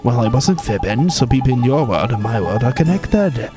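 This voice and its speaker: A man's voice: medium pitch, very animated, normal speed, lightly acted. A man voicing a chatty, boastful little male fairy sidekick in a Welsh accent, teasing and ending lines with tag questions, over game music. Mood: explaining.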